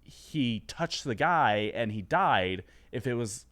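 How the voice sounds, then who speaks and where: Man, podcast co-host, casual chat, excitable, rambling, restarts. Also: medium pitch, takes it slowly.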